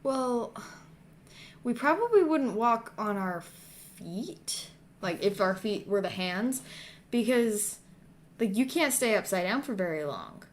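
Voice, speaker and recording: A young woman co-hosting a podcast in casual chat, tired and lightheaded, soft and laid-back, saying "like" often. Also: mid-range voice, very animated, slow, long pauses. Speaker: podcast co-host.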